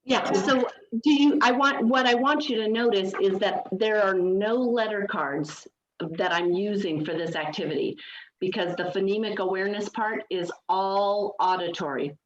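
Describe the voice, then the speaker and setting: A woman's voice: mid-range voice, moderate pace, slight background noise. Woman coach on dull call audio. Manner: explanatory, points things out to viewers. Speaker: literacy coach. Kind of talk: explaining teaching method. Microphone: video call.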